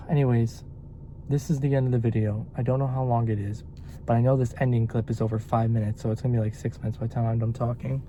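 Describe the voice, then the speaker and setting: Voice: medium pitch, quick pace, a little hiss or hum. A young adult delivery-driver vlogger ranting in a casual, exasperated, profane way. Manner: animated, exasperated, swears a lot. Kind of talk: casual vlog rant.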